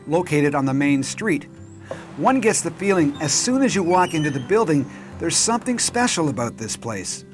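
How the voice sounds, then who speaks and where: A man narrating a local television documentary in a measured, clear storytelling voice. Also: on the high side. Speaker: program narrator and host.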